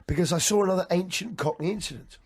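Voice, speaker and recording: A man hosting a radio show, a bit hoarse today, in playful and teasing casual banter with mock-grand introductions. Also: sits high, quick pace. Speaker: radio breakfast show host.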